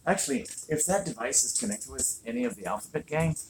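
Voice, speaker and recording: A woman's voice: low-pitched, expressive, fast talker, background noise. A woman hosting a casual livestream from home, talking with many fillers and restarts. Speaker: channel host. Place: home room with a fireplace.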